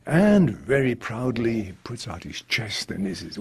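A priest reading scripture and then giving an earnest, reflective homily. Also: male voice, on the low side, big pitch swings, measured pace, few pauses, breathy edge.

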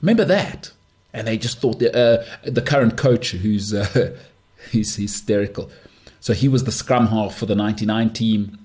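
A man's voice: lowish voice, normal speed, darkish tone. Emphatic man ranting on sport. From South Africa. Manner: emphatic, dismissive, repeats phrases for effect. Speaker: podcast host. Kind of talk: opinionated solo sports talk.

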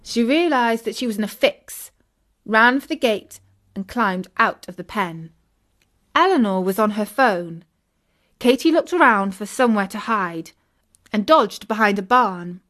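Lady telling a kids' story, clear and expressive, storybook reading. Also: mid-range voice, measured pace. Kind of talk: children's audiobook narration.

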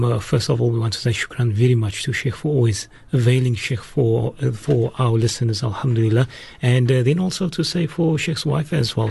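Gravelly, husky radio host man. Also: medium pitch, a little mellow, dry recording. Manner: polite, halting with fillers. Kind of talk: closing a radio programme.

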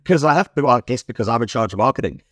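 A man's voice: medium pitch, animated, racing, fairly bright tone, no echo, studio quality. A middle-aged South African man with a South African accent, a fund manager guest talking in a rambling, self-correcting way and laughing easily. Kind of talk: conversational interview.

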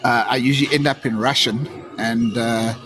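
A man's voice: medium pitch, fairly even intonation, normal speed, a crowd in the background. A man with a South African accent, co-hosting a podcast in a chatty, jokey, upbeat way from a coffee shop. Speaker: podcast co-host. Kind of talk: casual chat. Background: music.

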